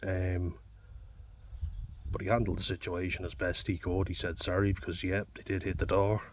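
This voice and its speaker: A man's voice: deep voice, level tone, moderate pace. A man with an Irish accent talking bluntly and candidly, swearing often, in a personal reflective monologue. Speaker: vlogger. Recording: dull distant mic with faint background noise.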